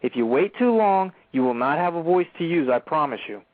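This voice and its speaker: A man's voice: a little high, expressive, a little fast, no room sound. A man hosting a talk radio show, speaking emphatically and preaching straight to listeners. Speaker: radio host. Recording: narrow phone-like sound.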